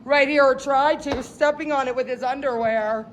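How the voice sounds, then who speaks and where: A woman's voice: high voice, fairly even intonation, moderate pace, slight background noise. A woman livestreaming outdoors on a city street at night, talking into her phone in a flamboyant, rambling way and jumping from topic to topic.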